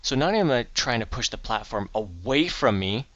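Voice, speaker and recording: A middle-aged fitness vlogger records his day, moving from a home office to a gym, explaining exercises in a casual, upbeat way with plenty of fillers. His medium-pitched voice is expressive, a little fast and slightly bright, with lo-fi, echo-free sound.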